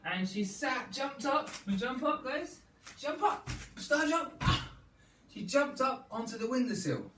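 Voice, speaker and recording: A man leading a children's storytelling yoga class, playful and animated, coaxing the children through each pose. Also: very high voice, measured pace, background noise. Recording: echoey room, distant mic, faint ambience.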